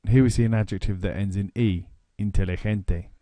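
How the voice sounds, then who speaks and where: Calm English man teaching grammar. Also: lowish voice, dry recording. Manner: slow, deliberate explaining. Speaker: language teacher. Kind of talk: scripted lesson narration.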